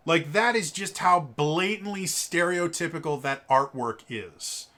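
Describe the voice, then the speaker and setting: A man gives a casual spoken review of a tabletop game book, halting with many fillers and stammered repeated sounds. He's opinionated and exasperated about stereotypes, and his voice is on the high side, pushed and bright.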